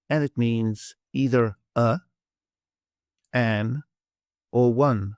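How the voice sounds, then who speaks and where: Here a Greek-accented male teacher with a mid-range voice gives a slow beginner vocabulary lesson. He patiently drills pronunciation, repeating words syllable by syllable, in clean studio sound with no echo.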